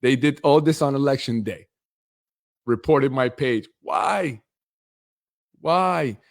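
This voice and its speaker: A man's voice: medium pitch, unhurried. A middle-aged man hosting a political show, delivering a blunt, confrontational, streetwise monologue. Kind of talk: heated monologue.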